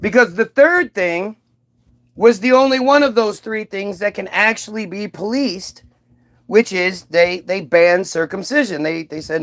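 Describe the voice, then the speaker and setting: A man's voice: sits high, measured pace, fairly bright tone. A man delivering a casual monologue, rambling, profane and mocking, with frequent asides and restarts. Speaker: commentator.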